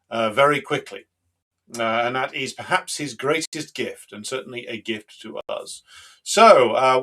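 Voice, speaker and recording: A man's voice: medium pitch, a bit bright. A man hosting a live political stream, talking in an emphatic, combative way with frequent fillers. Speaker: host of a political livestream.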